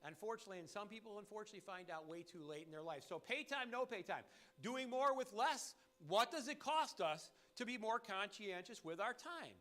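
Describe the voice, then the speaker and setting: Lively, high-pitched man giving sales training. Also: brisk. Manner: animated, emphatic, repeats key phrases. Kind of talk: motivational sales training talk.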